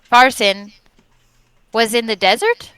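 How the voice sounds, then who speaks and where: Bright, smooth-voiced woman player. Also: fairly high pitch, expressive, slow, dry recording, low-quality recording. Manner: hesitant, unsure of names. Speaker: player giving a session recap. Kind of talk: casual recap.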